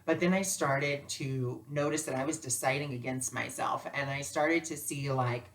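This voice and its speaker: Low-voiced woman telling a lesson story. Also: moderate pace, a little hiss or hum. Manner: animated, acts out dialogue with lively voices. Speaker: spiritual teacher and life coach.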